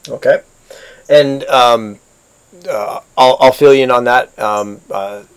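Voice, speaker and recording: A man's voice: medium pitch, slow, clear, resonant tone. A man running an online tabletop game as game master, who rambles with many restarts.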